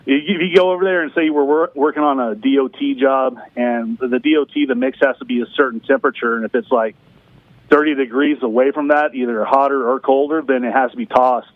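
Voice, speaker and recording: A man's voice: mid-range voice, fairly even intonation, brisk, no echo. A man calling in as a guest, easygoing, telling a work story in casual talk. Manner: easygoing, says yeah a lot. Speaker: phone-in guest. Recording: tinny phone line.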